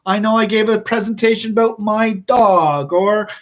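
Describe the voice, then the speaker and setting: A male teacher telling a story in a public speaking lesson, animated, often laughing and asking his listeners questions. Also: sits high, normal speed.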